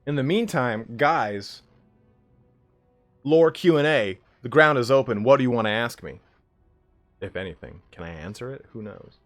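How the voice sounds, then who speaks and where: A man's voice: mid-range voice, lively intonation, normal speed, long pauses, faint music behind. A man hosting a live stream, chatting casually with viewers in a joking, profane way. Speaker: livestream host of a game league.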